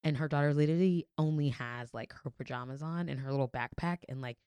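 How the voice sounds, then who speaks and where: A woman's voice: low-pitched, fast, dark tone, clean tone, no echo. A young woman co-hosting a casual talk show, telling a story candidly and swearing freely. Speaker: podcast co-host. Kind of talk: casual chat.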